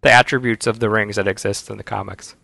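A man's voice: lowish voice, fairly even intonation, fast talker, creaky, pushed and bright, no echo. A man co-hosting a casual podcast chat, an enthusiastic fan who breaks into playful sound effects. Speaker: podcast co-host.

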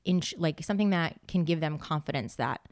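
A woman with a notably low voice chats in a relaxed conversational way, often slipping into quoted asides as she tells a story. The sound is dry and close, with no room around her. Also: fairly quick, dry recording. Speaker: podcast guest. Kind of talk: casual conversation.

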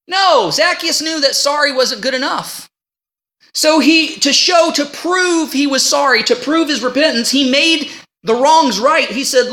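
A man preaching a sermon in a folksy, animated way, often checking in with his congregation. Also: very high-pitched, measured pace. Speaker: pastor.

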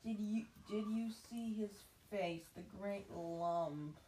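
A woman voicing a spiteful, sneering schoolboy bully, quiet and slow, recorded in a roomy space from a distance. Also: medium pitch, natural voice. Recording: roomy, distant mic, faint noise.

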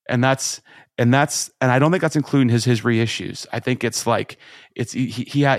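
A man co-hosting a podcast, talking in a rambling, excited way with many restarts, swearing and laughing. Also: mid-range voice, no room sound, studio quality. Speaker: podcast co-host. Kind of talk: casual chat.

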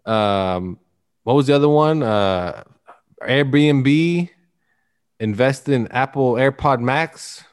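A man's voice: mid-range voice, takes it slowly, smooth. A man hosting a casual podcast, rambling and joking with his co-hosts. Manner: rambling, joking, restarts a lot. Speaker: podcast host.

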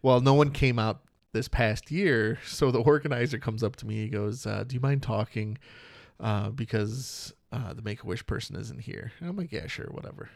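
A man's voice: medium pitch, moderate pace, creaky, no room sound, studio quality. A man in his thirties from Michigan, co-hosting a casual podcast chat, telling stories in a cynical, swearing way. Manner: cynical, swears a lot, storytelling. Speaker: podcast co-host.

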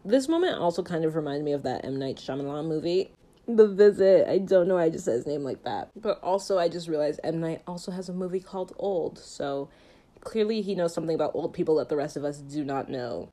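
A woman casually recapping a horror film, chatty and animated with jokey asides. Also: deep voice, quick pace. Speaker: film reviewer.

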